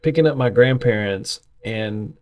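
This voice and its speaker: A middle-aged man, telling animated, folksy stories as a podcast co-host in casual chat. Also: on the low side, measured pace.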